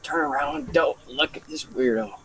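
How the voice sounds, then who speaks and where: A young man voicing his stern father, speaking low and dismissively. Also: normal speed, a bit bright, lightly acted, poor audio. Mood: hushed. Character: stern, unbothered father hushing his son.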